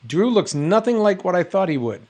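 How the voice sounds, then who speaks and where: A man's voice: high-pitched, very animated, fairly quick, darkish tone. Give me a jokey man reading live chat. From New England. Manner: jokey, rambling, reads chat aloud. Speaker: show host answering live chat. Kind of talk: casual live-stream chat.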